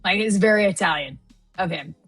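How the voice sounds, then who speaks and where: A woman's voice: on the low side, a little fast, a bit bright, faint music behind. A woman from Canada, co-hosting a live show and chatting casually, telling stories and laughing often. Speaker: co-host of a trading live show. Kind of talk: casual chat.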